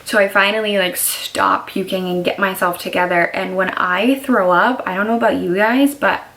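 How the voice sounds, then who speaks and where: A woman's voice: medium pitch, steady tone, normal speed, fairly bright tone, poor audio. A young pregnant woman telling her story in a candid, chatty video diary. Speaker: vlogger.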